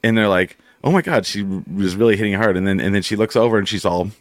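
A very low-voiced man hosts a casual talk show. He tells stories with gusto and jumps into the voices of the people he quotes. The sound is close and dry. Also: fast talker, dry recording. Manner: animated storyteller, acts out quotes. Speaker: radio show host. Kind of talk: casual chat.

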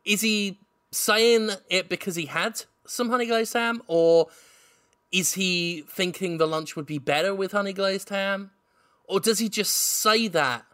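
Man, podcast host, casual chat, teasing and wry, bright tone, slightly high voice. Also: steady tone, measured pace, smooth.

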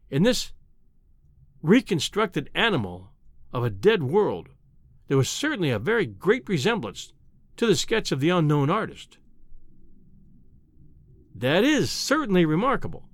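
Expressive male audiobook narrator. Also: fairly high pitch, moderate pace, pauses often, no echo. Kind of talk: scripted narration.

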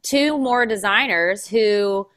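A woman's voice: medium pitch, takes it slowly, a bit bright. A woman interviewing a guest, speaking emphatically and getting emotional about her point. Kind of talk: casual interview conversation.

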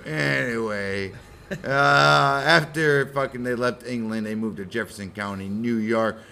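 A man's voice: mid-range voice, a little slow, gravelly, bright, forceful tone, slight background noise. A man, co-hosting a casual podcast from a garage, joking and swearing. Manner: joking, swears casually, puts on silly voices. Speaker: podcast co-host. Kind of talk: casual chat. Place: garage with a pellet stove.

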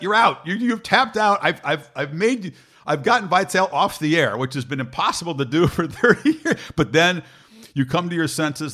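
Man telling a lively broadcasting anecdote. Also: mid-range voice. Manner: animated anecdote-telling with repeated restarts. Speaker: host, broadcaster. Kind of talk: casual storytelling chat.

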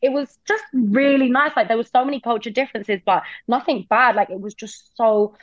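A woman's voice: fairly high pitch, brisk, dry recording, muffled recording. An English woman guest chatting casually, peppering her talk with "like" and the odd swear word. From England. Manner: chatty, lots of "like" fillers and swearing. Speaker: podcast guest. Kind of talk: casual chat.

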